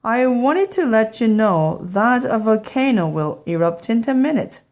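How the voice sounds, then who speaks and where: Woman doing an eager storybook schoolboy, high and lively. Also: unhurried. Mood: excited. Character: young schoolboy with a model volcano. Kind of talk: children's storybook read-aloud.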